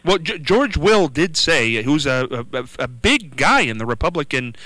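Radio host: a man, bright and forceful, stumbles over his words, dry studio sound. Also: fairly high pitch, big pitch swings, moderate pace, dry recording, poor audio. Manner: stammering, effusive. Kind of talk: local radio talk show.

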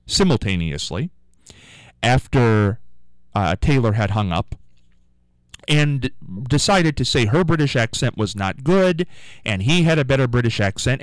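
A man hosting a radio show, telling a rambling story with animated asides in a casual on-air monologue. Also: mid-range voice, clear, resonant tone, no echo, rough recording.

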